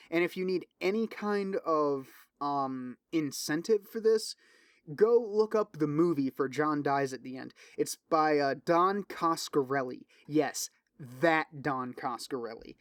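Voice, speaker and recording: A man's voice: fairly high pitch, unhurried, no room sound, clean studio sound. A man hosting his own podcast, rambling casually with lots of swearing and fillers while eagerly recommending things. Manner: loose, profane, filler-heavy rambling with restarts; enthusiastic recommending. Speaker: podcast host. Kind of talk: casual solo podcast chat.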